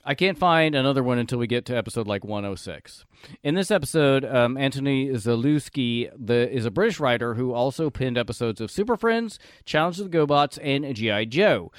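Animated man hosting a podcast. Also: medium pitch, a little fast, clean tone, no echo, studio quality. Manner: animated, laughs often, reads segments. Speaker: podcast host. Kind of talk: casual podcast chat.

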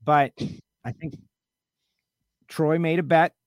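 A man's voice: a little high, steady tone, takes it slowly, no echo, studio quality. Chatty, teasing radio host man. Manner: chatty, teasing, rambling asides. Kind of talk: casual talk show banter.

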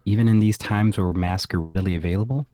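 A man's voice: lowish voice, fast, warm tone. A man co-hosting a podcast in casual chat, telling rambling stories. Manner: rambling, chatty storyteller. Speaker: podcast co-host.

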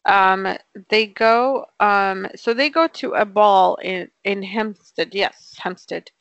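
A woman's voice: medium pitch, steady tone, slow, a bit bright, no room sound, highs cut off. A woman casually retelling an episode's plot, quoting the characters' lines. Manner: chatty retelling with quoted lines. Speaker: podcast co-host recapping a show. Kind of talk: casual chat.

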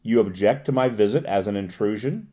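A man reading the part of a polite, learned professor in an audiobook, gentle and formal. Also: medium pitch, very animated, moderate pace, close to an everyday voice. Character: courteous learned male professor.

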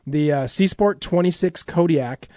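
A radio host with a fairly high, slightly mellow voice speaks a bit slowly into a studio mic, the recording dry. His banter is casual and self-deprecating as he plugs an event and reads a sponsor promo.

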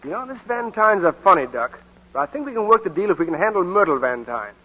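Distracted ad-man husband, brisk and offhand, lively pitch, 1940s radio play. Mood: businesslike. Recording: dull old radio broadcast.

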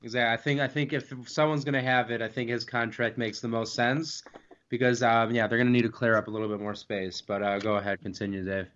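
A man's voice: medium pitch, flat delivery, fast, a bit bright. A man chiming in on a casual sports podcast, agreeable and a little hesitant. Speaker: podcast co-host. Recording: muffled lo-fi mic.

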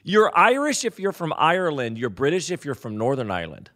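American male host, fairly high voice, animated and laughing, casual chat. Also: brisk. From United States. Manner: animated, laughs often, rambling questions. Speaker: podcast host.

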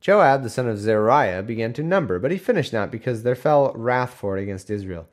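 A man's voice: mid-range voice, darkish tone. Yawning, sarcastic man reading aloud. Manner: yawning, sarcastic, wry, mock-helpful. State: yawning, scratchy throat. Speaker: podcast host reading the Bible aloud. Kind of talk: casual reading with sarcastic asides.

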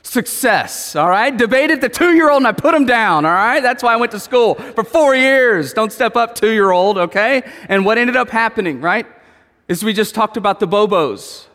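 A man preaching a sermon in an animated way, asking his listeners questions and telling stories about his family. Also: high-pitched, moderate pace, in a large hall. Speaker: pastor.

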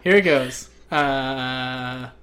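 A man's voice: medium pitch, drawn-out words. A man hosting a casual podcast quiz game, laughing often and stammering when flustered. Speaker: podcast host.

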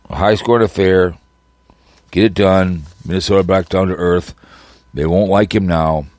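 A man with a low voice and darkish tone hosts a casual sports picks podcast, rambling, laughing at his own jokes, and hanging crude, mocking nicknames on teams. The recording has no room sound.

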